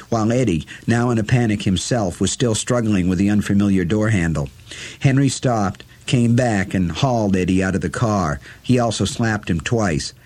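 A man reading a novel aloud as an audiobook narrator, in a measured, deliberate storytelling manner. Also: on the low side, a little mellow.

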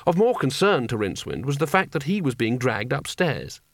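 A man's voice: medium pitch, very animated, fairly quick, no echo. A man reading a comic fantasy story aloud with dry, wry delivery. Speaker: narrator. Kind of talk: audiobook narration.

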